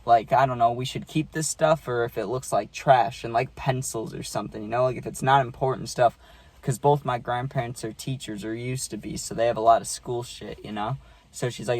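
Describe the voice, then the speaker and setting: A man's voice: mid-range voice, steady tone, brisk, dry recording. A man telling a story from his childhood to camera in a loose, profane way, full of fillers and "right?" tag questions. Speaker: vlogger. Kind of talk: casual storytime.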